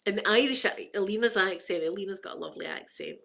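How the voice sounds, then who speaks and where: Quick and a bit bright, with a gravelly edge to her mid-range voice, this middle-aged Scottish ASMR host keeps up a casual live chat. She laughs a lot and greets viewers by name.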